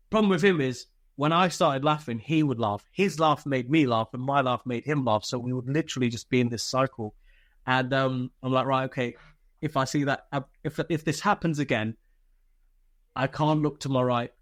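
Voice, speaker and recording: A man's voice: fairly high pitch, fairly bright tone, dry recording, studio quality. A male army veteran from Britain telling swearing, laughter-filled war stories in a casual interview.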